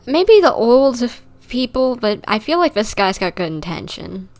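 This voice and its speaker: A chatty woman streamer reacts casually to a game, full of fillers and laughs. Her pitch rises and falls freely as she talks to her viewers. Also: sing-song, a little slow, a little mellow. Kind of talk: casual live commentary.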